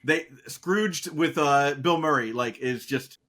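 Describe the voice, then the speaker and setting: A man co-hosting a podcast, chatting casually as an enthusiastic, animated storyteller with many fillers. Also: on the high side, takes it slowly. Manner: animated storyteller, acts out quotes. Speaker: podcast co-host. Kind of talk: casual chat.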